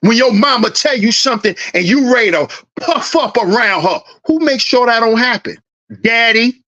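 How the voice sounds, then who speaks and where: Heated and preachy, a man running a commentary channel acts out confrontational scenes in a dad's voice during his monologue. The very high, expressive voice moves at normal speed with a bright, forceful tone, recorded with lo-fi sound.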